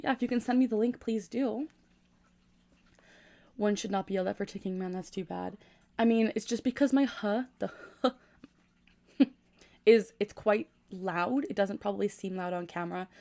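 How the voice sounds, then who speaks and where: A woman's voice: medium pitch, vocal fry, warm tone. A woman in her twenties chatting casually on a livestream from her room at night, keeping her voice down as she reads comments. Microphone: gaming USB microphone.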